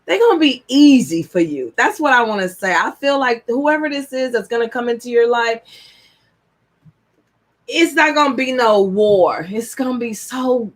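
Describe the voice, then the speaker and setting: Chatty tarot lady on a live stream, kinda high voice, gets real excited, slangy. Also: moderate pace. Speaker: tarot reader.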